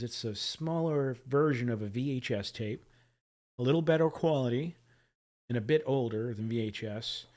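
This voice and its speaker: Casual rambling man hosting a stream. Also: medium pitch. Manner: rambling, chuckling, trips over his words. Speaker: livestream host. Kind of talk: casual reaction commentary.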